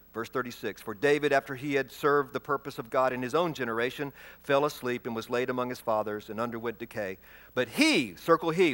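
A man preaching a sermon, reading scripture aloud and stressing key words with repetition, moving between loud proclamation and soft, hushed delivery. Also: a little high. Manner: emphatic, repeats key words, swings from loud proclaiming to soft near-whisper.

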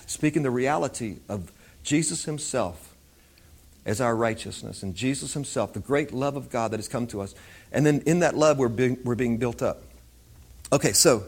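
A man's voice: medium pitch, slightly rough. A man preaching an informal Bible teaching in a conversational way, often repeating himself.

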